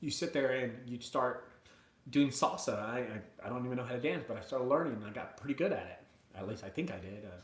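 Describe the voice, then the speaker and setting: A man hosting a live video from his mother's house, chatting casually and excitedly to viewers, rambling between hype and emotion. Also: medium pitch, brisk, roomy sound. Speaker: junk removal business owner hosting a live video.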